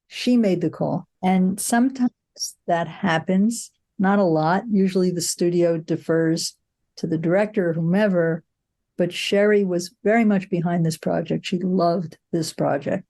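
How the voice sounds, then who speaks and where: Older woman, low mellow storytelling voice. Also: unhurried. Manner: reflective, anecdotal storytelling with frank asides. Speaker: film producer, interview guest. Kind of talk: conversational interview.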